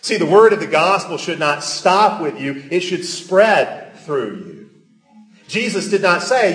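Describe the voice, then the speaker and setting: A man's voice: sits high, very animated, unhurried, a bit bright, roomy sound, soft background music. A male pastor delivering a sermon in a church, earnest and emphatic, pressing his points with rising emphasis. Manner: earnest preaching with emphatic rises.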